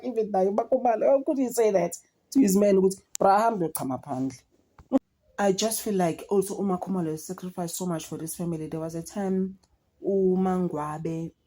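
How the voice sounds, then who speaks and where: Woman, South African accent, young adult, low pitch, casual gossip review, chatty. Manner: chatty, code-switching, animated gossip with frequent "guys" and laughs. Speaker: reality show reviewer. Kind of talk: casual chat.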